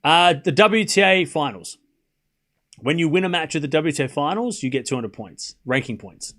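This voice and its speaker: Guy streaming a tennis watchalong, voice a bit high, rambles and chats w viewers, quick play by play. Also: expressive, fairly bright tone. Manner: rambling, chatty, answers viewer chat messages; calls points in quick play-by-play bursts. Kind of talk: casual live-stream commentary and chat.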